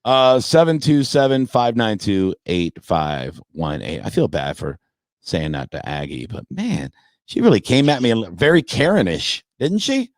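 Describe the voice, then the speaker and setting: A man's voice: lowish voice, big pitch swings, moderate pace, dry recording. Brash, profane man ranting on a podcast. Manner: brash, profane, mocking rants. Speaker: comedian and podcast guest. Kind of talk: casual sports talk.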